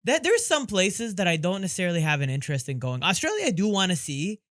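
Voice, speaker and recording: Brief: male podcast host, slightly high voice, lively storytelling, dry close mic. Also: fast, dry recording. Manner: animated storyteller, laughs a lot. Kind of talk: casual podcast chat.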